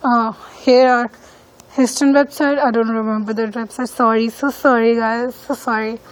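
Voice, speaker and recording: In a laid-back walking-tour vlog shot on her phone outdoors in her neighborhood, a woman speaks English as a second language, hesitating and relying on lots of fillers. Her voice runs on the high side with a steady tone at a moderate pace, captured in a rough recording.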